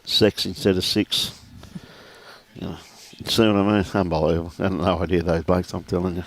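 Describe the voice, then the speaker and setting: A man's voice: low-pitched, fairly even intonation, brisk. A man giving live lawn bowls commentary, chatty and joking, often calling people "mate".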